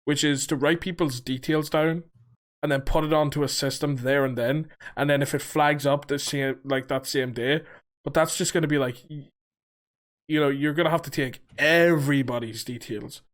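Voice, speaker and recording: His voice is a little high, with a steady tone and a moderate pace. He's a young man co-hosting a laid-back podcast, rambling with plenty of filler words and casual cursing.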